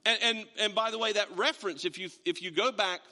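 A man preaching a sermon to a congregation, animated and acting out the imagined voices of other people as he talks. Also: sits high, a little fast, in a large hall. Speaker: pastor.

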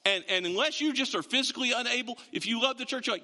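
A man's voice: extremely high pitch, quick pace, sharp tone, long reverb tail. A man preaching a sermon in a conversational, joking way, with emphatic bursts when he drives a point home. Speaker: pastor. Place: church sanctuary.

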